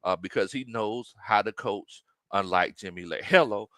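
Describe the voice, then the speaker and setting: A man hosting a casual sports live stream, reading viewer comments aloud, animated and laughing often. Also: fairly low pitch, normal speed, dry recording. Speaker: sports show host.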